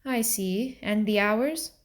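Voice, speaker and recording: A stern middle-aged mill agent who questions in a formal, measured manner, as a woman narrator reads him. The delivery is slow and unhurried, in a storybook reading. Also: medium pitch, close to an everyday voice.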